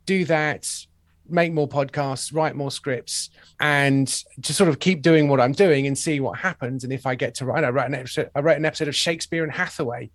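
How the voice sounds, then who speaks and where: A man's voice: medium pitch, a little fast, dry recording, studio quality. A man in his forties, a comedy writer chatting as a podcast guest, wry and self-deprecating. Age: 40s. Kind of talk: casual chat.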